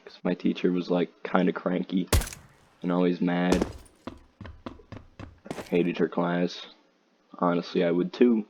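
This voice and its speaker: Teen boy, deep and slow, casual profane storyteller, muffled lo-fi recording. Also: creaky, warm tone. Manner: rambling, profane, frequent "like" and "dude". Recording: slightly dull lo-fi audio, faint noise.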